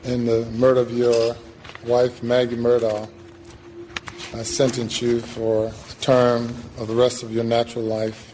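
A man serving as a judge, reading out a formal courtroom sentence in a very slow, deliberate way. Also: medium pitch, monotone, mellow, slight background noise, low-quality recording.

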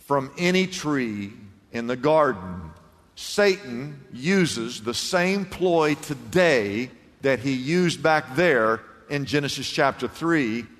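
A man preaching a sermon, swinging between loud, emphatic lines and hushed ones and acting out the voices in the story. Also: mid-range voice. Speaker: pastor. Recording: hall reverb.

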